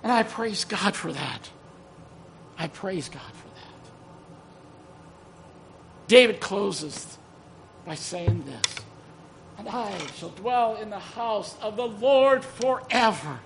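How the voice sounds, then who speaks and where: A man's voice: high-pitched, takes it slowly, gravelly, a crowd in the background. A man preaching a sermon to a congregation in a church, emotional and exclaiming praise, breaking into sung hymn lines. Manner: exclaims praise, apologizes for excitement. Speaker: guest preacher.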